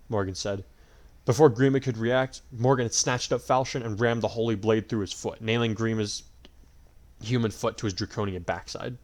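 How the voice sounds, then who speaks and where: A man narrating a fan fiction audiobook with a steady, dramatic reading. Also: on the low side, fairly quick.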